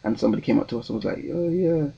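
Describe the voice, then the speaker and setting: A man's voice: on the low side, completely flat delivery, rapid-fire, gravelly, dark tone, slightly rough, lo-fi sound. A young man, telling a story in a casual vlog with a rambling, hesitant delivery full of ums and restarts. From London, England. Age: 20s. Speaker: vlogger.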